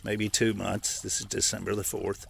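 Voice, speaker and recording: Man, husky fry-heavy voice, a bit breathless, folksy rambling forager outdoors. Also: on the low side, little pitch movement, normal speed, fairly bright tone, a little hiss or hum. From Appalachia, United States. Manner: folksy, rambling, corrects himself. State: out of breath, stuffy nose. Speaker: forager showing wild edibles. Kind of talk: casual walking vlog. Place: outdoors in a yard.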